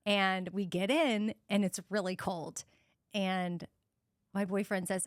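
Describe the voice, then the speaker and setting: A woman's voice: medium pitch, fairly even intonation, takes it slowly, no room sound, clean studio sound. A woman from Texas co-hosting a podcast, telling a story in casual chat and laughing often. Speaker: podcast co-host.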